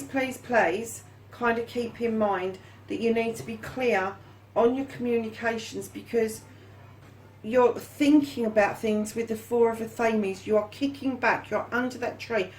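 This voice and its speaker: A woman's voice: fairly high pitch, darkish tone, slight background noise, poor audio. A woman giving a casual tarot reading, chatty and fond, calling her viewers darlings and lovelies and swearing now and then. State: hot and yawning. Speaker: tarot reader.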